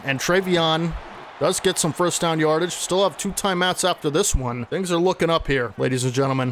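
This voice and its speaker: A man commentating his own football video game play-by-play, excitable and chatty with his viewers. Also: on the high side, slight background noise. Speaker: gaming channel host.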